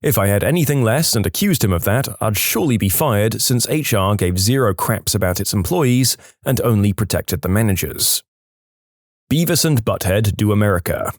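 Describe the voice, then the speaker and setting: A man reading reddit stories aloud, lively, dropping into quick voices for the people he quotes. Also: lowish voice, no echo, studio quality. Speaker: narrator.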